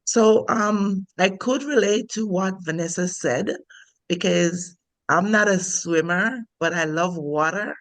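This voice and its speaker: A woman's voice: on the low side, takes it slowly, no room sound. A woman with a Jamaican accent, a guest on a talk show, telling a personal story in a reflective way. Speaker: podcast guest. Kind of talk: casual storytelling.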